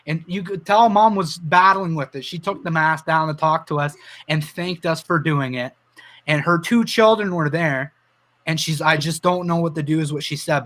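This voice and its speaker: High-voiced impassioned Canadian man. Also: sharp tone. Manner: earnest, emotional, tells personal stories; reads viewer comments aloud. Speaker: livestream host. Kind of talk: impassioned livestream commentary.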